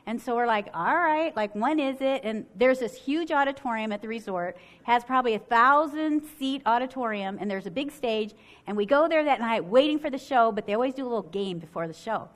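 A middle-aged woman from Michigan preaching a sermon, telling a story in an animated way and acting out what people said. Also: on the high side, a little fast. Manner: animated, acts out quotes with swings in loudness.

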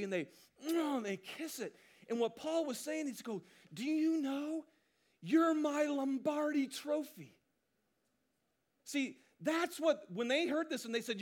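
A man preaching a sermon to his congregation, animated and joking, often asking the crowd questions. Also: extremely high pitch. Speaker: pastor.

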